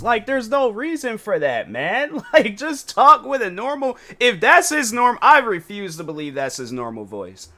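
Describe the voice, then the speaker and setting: Guy streamer ranting, kinda high bright voice, lots of "like" and restarts, can't believe it. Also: sing-song, a little slow, hardly any pauses. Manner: rambling, incredulous, many fillers and restarts. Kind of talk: casual reaction stream commentary.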